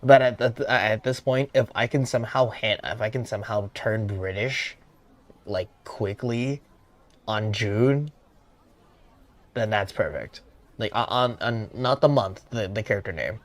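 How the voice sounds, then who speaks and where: A young man streaming a game, commenting in a casual, excitable, slangy way and laughing at his own voicing. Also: on the low side, a little slow.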